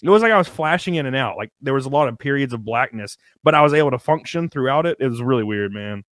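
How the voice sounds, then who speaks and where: A young man casually telling a rambling, animated story, full of "like" and casual swearing. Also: mid-range voice, fast talker, no echo, clean studio sound. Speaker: guest storyteller. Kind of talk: casual storytelling on a live stream.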